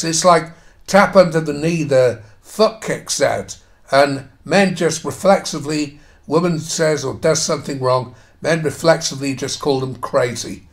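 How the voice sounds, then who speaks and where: A man's voice: on the high side, measured pace. A man giving a ranting commentary on an article he reads aloud. He is sarcastic and swears heavily while mocking the quoted lines. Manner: angry, sarcastic, heavy swearing; reads quoted passages, then mocks them.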